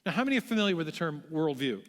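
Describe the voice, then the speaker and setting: A man giving a public lecture to a large audience, telling history in a measured way with frequent restarts. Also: on the high side, very animated. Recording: long hall reverb.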